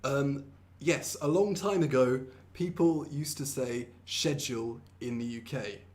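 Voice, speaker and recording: A young man hosting a live online English lesson, playful, laughing often, switching into quick Korean explanations. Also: medium pitch, a little mellow. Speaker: English teacher and host.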